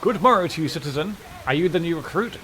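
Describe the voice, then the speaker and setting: A man's voice: fairly high pitch, expressive, fast talker, a crowd in the background, voice pushed up, natural voice. A man doing a formal city guard. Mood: brisk. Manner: formal, old-fashioned greeting.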